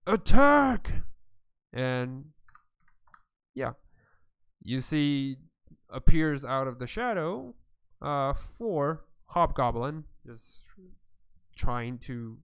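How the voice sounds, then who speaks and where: A man's voice: medium pitch, expressive, drawn-out words, long pauses, a bit bright, clear, resonant tone. A man narrating as game master of a tabletop game in a loose way, with plenty of fillers and frequent laughs.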